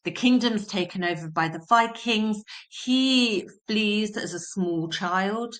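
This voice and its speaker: A woman's voice: medium pitch, slow pace, fairly bright tone. A woman teaching a history lesson, explaining terms simply and repeating key points for emphasis.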